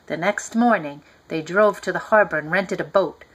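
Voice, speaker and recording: A woman reading a picture book aloud to a child, gently talking to the listener as she goes. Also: lowish voice, normal speed, slightly rough, low-quality recording. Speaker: reader.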